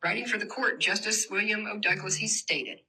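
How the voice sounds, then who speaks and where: A woman's voice: medium pitch, a little fast, bright, forceful tone, slightly rough. A woman giving an impassioned public presentation in a university hall, addressing the audience directly. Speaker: community organizer giving a talk.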